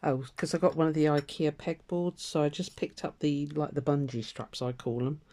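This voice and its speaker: An older woman rambles through a casual catch-up as she stitches, her voice mellow and soft-edged. She drifts between topics with plenty of fillers and light laughter. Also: low voice, steady tone, normal speed. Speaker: craft vlogger. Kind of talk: casual chat while stitching.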